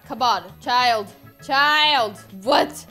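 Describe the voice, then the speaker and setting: A woman's voice: high-pitched, very slow, bright, forceful tone, soft background music. A woman playing a fed-up mom in a game role-play, talking in a dramatic, exasperated way and often repeating herself. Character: fed-up mom turned into a monster. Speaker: gaming YouTuber.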